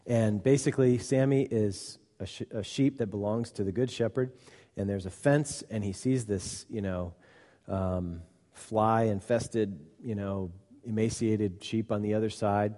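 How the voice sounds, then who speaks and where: A man preaching a casual sermon in a lively, informal way, with fillers and asides. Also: lowish voice, unhurried, long reverb tail.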